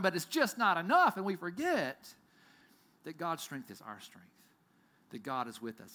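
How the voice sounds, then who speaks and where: A man preaching a sermon as pastor, telling stories with big swings from loud to near-whisper. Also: mid-range voice. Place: church.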